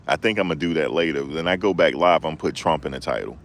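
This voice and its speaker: This man's voice is extremely deep and low, and he talks fast and loosely to the people watching his live stream. His casual chat is relaxed, repetitive, and packed with street slang, much like a rideshare driver talking between pickups.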